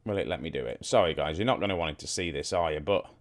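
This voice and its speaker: A young man with a very deep voice talks his viewers through a football management game. He rambles and thinks aloud in an easy, chatty way, asking them questions as he clicks through menus. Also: fast talker. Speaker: gaming YouTuber. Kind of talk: casual let's-play commentary.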